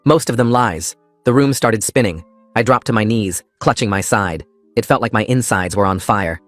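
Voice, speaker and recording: A man narrating a first-person story in a calm, steady scripted style. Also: lowish voice, normal speed, no room sound, faint music behind.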